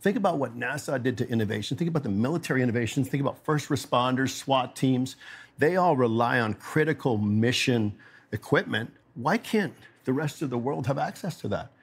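A man who runs a company, talking as a podcast guest in a lively, storytelling way. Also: mid-range voice, fairly quick, creaky, husky. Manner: energetic storyteller, acts out quoted dialogue. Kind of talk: casual interview storytelling.

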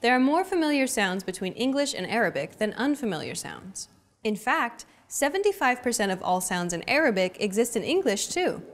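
Reading from her script, a woman hosting a language lesson uses a sing-song, brisk delivery whose pitch rises and falls a lot. Her voice is a little high, and she spurs the learner on with short, bright, encouraging prompts.

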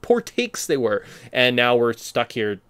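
A man co-hosting a podcast, talking about a movie in a casual, animated way, with emphatic bursts. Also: mid-range voice, a little slow, clean tone, no room sound. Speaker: podcast co-host.

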